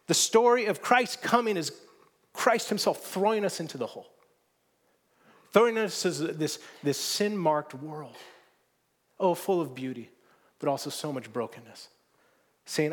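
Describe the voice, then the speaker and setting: A man delivers a sermon in a fairly high voice. He speaks earnestly, often stumbling over and repeating words, then lifting into emphatic, urgent passages. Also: expressive, unhurried, pauses often. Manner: earnest, with frequent restarts and rising emphatic passages. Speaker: pastor.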